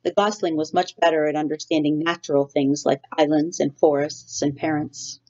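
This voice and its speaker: A woman teacher reading a children's novel aloud to her class in a steady storytelling way. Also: sits low, normal speed. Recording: dull lo-fi recording.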